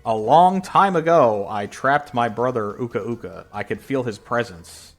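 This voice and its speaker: A man voicing a wise old male mask spirit in a low, hushed, solemn voice while reading a comic. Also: measured pace, soft background music, close to an everyday voice.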